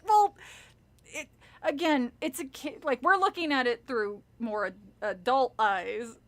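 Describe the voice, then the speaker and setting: A woman's voice: high-pitched, measured pace. A young woman casually reading a spooky kids' book aloud on a stream, chatting and giggling often. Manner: giggly, breaks into laughter often. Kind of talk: casual read-aloud with chat.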